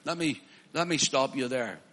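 A man's voice: medium pitch, moderate pace, bright, forceful tone, long reverb tail. A man preaching a sermon with impassion, building to emphatic declarations.

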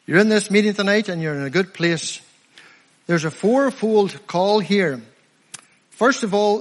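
A fervent middle-aged preacher with a Northern Irish accent, his voice pitched high for a man. He leans hard on key phrases, stretching them out for weight. The sound rings with the long reverb of a large hall. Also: a bit bright. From Northern Ireland. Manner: fervent, emphatic, slows down to stress key phrases. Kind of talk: evangelistic sermon.

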